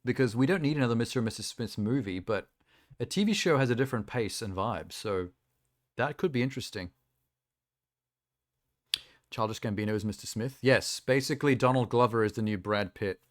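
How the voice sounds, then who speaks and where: A man's voice: mid-range voice, fairly quick, pauses often, no echo, studio quality. A man streaming casual reaction chat, rambling and offhand with lots of fillers, talking around a sour lolly in his mouth.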